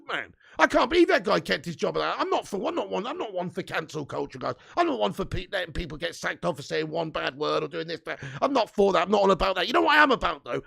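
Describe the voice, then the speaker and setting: A man's voice: high voice, vocal fry, a bit bright. A man hosting a live football fan stream, ranting and swearing indignantly. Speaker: fan channel host.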